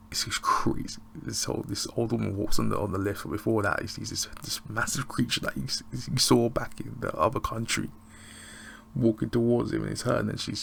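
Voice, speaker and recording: A man giving a casual, rambling recap of a TV episode, excitable and often laughing. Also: fairly low pitch, creaky, slight background noise. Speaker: TV show reviewer.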